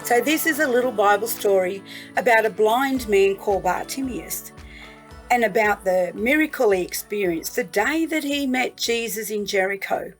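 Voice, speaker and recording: A woman from New South Wales with an Australian accent, gently telling a Bible story to children as a guest storyteller. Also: medium pitch, faint music behind. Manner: gentle, slow, warmly emphatic.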